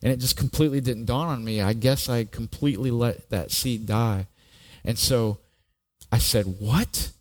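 A man's voice: mid-range voice, moderate pace, a little mellow. A middle-aged man, a pastor, telling his own story in a sermon, earnest and often repeating a word as he starts a thought. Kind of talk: sermon with personal testimony.

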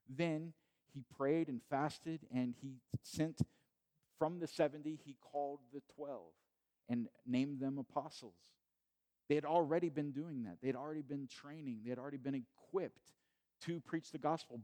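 A male pastor giving a sermon from home, talking in a relaxed, conversational way with restarts and repeated phrases. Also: mid-range voice. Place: at home during quarantine.

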